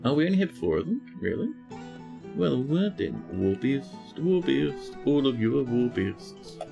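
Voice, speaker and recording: A man streaming a game live, chatting to his viewers in a mid-pitched voice that swings up and down a lot. He talks to the people on screen and scolds them, while soft guitar music plays underneath. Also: sing-song, unhurried, gravelly. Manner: exclaims and scolds game characters. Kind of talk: live-stream gameplay commentary.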